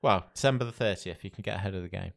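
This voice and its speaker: A man's voice: sits low, rapid-fire, creaky, a bit bright. Chatty man co-hosting a podcast. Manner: chatty, reads out news items. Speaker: podcast co-host. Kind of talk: casual chat.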